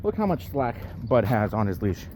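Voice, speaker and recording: A man's voice: medium pitch, big pitch swings, moderate pace, darkish tone, slight background noise. A man talking casually into his camera while walking his dog outdoors, a bit out of breath from the uphill walk and rambling with lots of fillers. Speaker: powerlifter vlogging his day.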